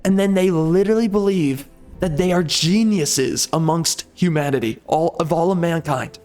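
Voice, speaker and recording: An agitated man rants over gameplay, cursing freely and stammering through repeated words. His voice sits a little high for a man, and a faint game soundtrack plays underneath. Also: normal speed, darkish tone, soft background music. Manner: angry, profane, stammering repetitions. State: agitated, seething. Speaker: gaming channel host. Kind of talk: ranting commentary over gameplay.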